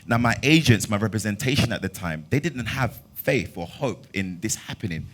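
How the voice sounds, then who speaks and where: A man in his twenties with a London accent, telling his story at a master class in a lively way and acting out dialogue. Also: lowish voice, moderate pace. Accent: London English. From London, England. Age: 20s. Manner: animated storyteller who acts out dialogue with bursts of loud laughter. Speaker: actor giving a master class talk. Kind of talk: storytelling talk to an audience.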